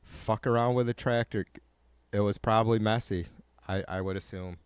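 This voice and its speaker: A man's voice: on the low side, fairly even intonation, moderate pace, clean tone, dry recording. A man hosting a livestream in casual chat, swearing constantly and ranting heatedly to his viewers. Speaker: livestream host.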